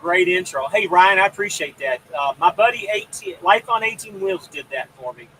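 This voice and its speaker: A man's voice: sits high, expressive, normal speed, pushed and bright, slight background noise, poor audio. A man hosting a casual live stream about trucking, rambling and greeting viewers by name. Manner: rambling, reads out viewer comments.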